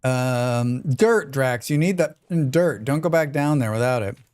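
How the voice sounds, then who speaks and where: A man's voice: mid-range voice, lively intonation, a little slow, darkish tone, clean tone. An American man chatting casually and joking with his chat while he plays a survival game on a live stream.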